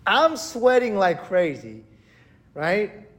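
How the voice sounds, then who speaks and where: A male pastor preaching a sermon in a church, telling a story with animated, acted-out panic. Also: sits high, takes it slowly. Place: church hall.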